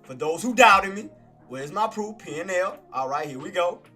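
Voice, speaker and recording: An excitable man narrates his trades live, with a high, bright, forceful voice. He brags and repeats himself over and over, and faint music plays under him. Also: normal speed. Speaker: day-trading streamer. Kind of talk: live trading commentary.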